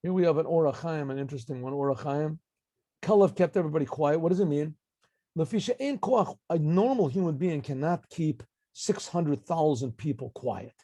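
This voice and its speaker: Man, rabbi, Torah lesson, Hebrew phrases, fairly high voice, mellow tone. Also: a little fast, no room sound. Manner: mixes Hebrew phrases, acts out quotes, frequent restarts. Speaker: rabbi teaching a Torah class. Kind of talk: lecture with commentary.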